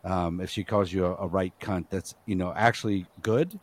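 A man hosting a podcast, rambling and halting, with plenty of swearing. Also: low voice, fairly even intonation. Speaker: podcast host. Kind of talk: casual podcast chat.

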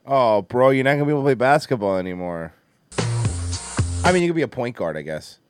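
A man's voice: mid-range voice, animated, quick pace, soft background music. A man hosting a casual comedy podcast, laughing a lot and slipping into mocking voices.

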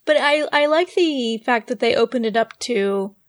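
Woman, slightly high pitch, upbeat, inquisitive, casual podcast chat. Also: normal speed. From England. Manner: upbeat, asks questions.

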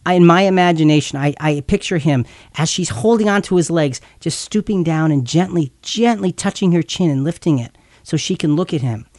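Male Bible teacher with a slightly high voice. Earnest and explanatory, repeats words as he thinks. Dry recording. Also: brisk, few pauses, darkish tone, dry recording. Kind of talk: explanatory scripture talk.

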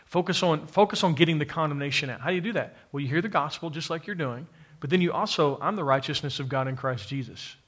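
A male preacher delivering a sermon to a church congregation. His voice sits a little higher than most men's, and he presses his points with emphatic repetition, turning to address the room directly. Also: quick pace, hardly any pauses, a bit bright. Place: church, to a live congregation with an online audience.

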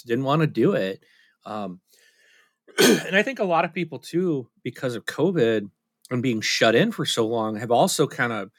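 Bright, candid man on a podcast. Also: mid-range voice, dry recording, clean studio sound. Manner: candid, self-deprecating, rambling with restarts. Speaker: podcast co-host. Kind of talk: casual chat.

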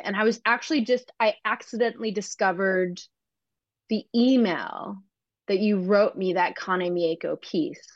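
A woman's voice: mid-range voice, a little slow, no room sound. Searching, thoughtful woman on a muffled line. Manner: thoughtful, searching, frequent restarts. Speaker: guest author. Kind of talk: reflective conversation. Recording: slightly muffled dry recording.

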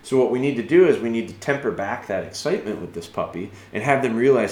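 A man giving patient, earnest dog-training advice as a podcast host, thinking aloud and dropping soft and slow when he models calm commands. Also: mid-range voice, roomy sound. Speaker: dog trainer answering a listener.

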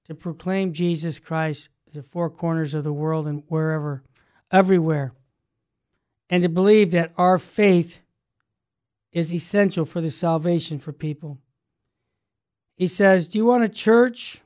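A man hosting a religious talk radio show, teaching with fervent emphasis that builds to loud exclamations. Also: on the high side, measured pace, long pauses.

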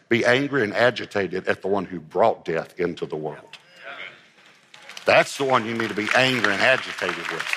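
A male pastor delivers an earnest sermon, leaning hard on repeated phrases to press his points. His voice is bright and forceful at a middle pitch. It carries a long, lingering reverb from a large hall.

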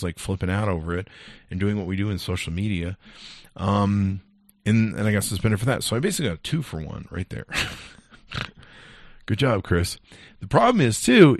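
A man's voice: deep voice, no echo, studio quality. A male podcast host ranting angrily and profanely in a casual monologue. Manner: angry, profane, animated storytelling.

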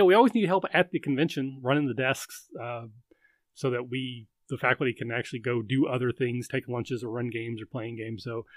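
A man's voice: mid-range voice, no echo. A man hosting a casual live chat show, chatting easily and reading out viewer questions.

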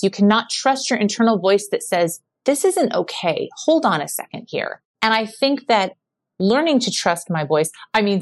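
Podcast guest: a woman in her forties with a lower voice who tells stories animatedly and acts out the dialogue. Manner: frequent filler 'like'. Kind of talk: casual conversation.

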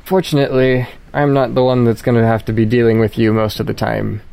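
A man's voice: mid-range voice, flat delivery, a little fast, vocal fry, a little mellow, clear, resonant tone, natural voice. A man voicing a stern male ship captain who gives dry orders in a tabletop game.

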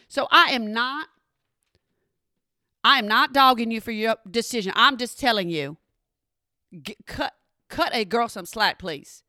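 A woman telling a funny personal story in an animated, exasperated way, talking straight to her listeners. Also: on the high side, unhurried, long pauses, dry recording, studio quality. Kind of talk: comedic storytelling monologue.

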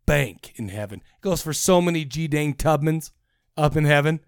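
Jokey podcast host, bright dry voice. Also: male voice, fairly high pitch, lively intonation, normal speed, gravelly, smooth, no echo. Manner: jokey, rambling, mock-censoring himself. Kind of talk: casual comedic chat.

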